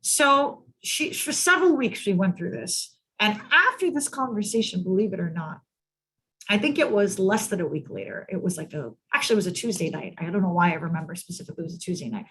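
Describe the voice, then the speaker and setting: Husky-voiced woman telling a case story. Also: mid-range voice, animated, brisk, fairly bright tone. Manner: emphatic, repeats words for stress. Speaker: mental health clinician presenting to colleagues. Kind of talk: storytelling in a training presentation. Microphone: video call.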